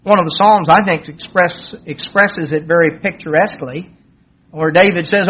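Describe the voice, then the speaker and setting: A man delivers a sermon in a plain, conversational way and lifts his voice to act out the lines of the story. His voice sits high and has a husky edge. The recording is dull and lo-fi. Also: normal speed, a bit bright. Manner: conversational, acts out quoted dialogue in a raised voice. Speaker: preacher. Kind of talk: sermon retelling a Bible story.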